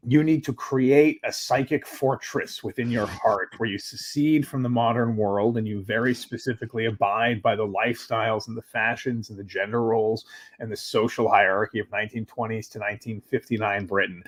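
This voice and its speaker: A man's voice: mid-range voice, a little fast. A man, a guest historian, talking in a casual, wry way with frequent restarts. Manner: hesitant, many restarts, wry. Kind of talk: casual conversational discussion.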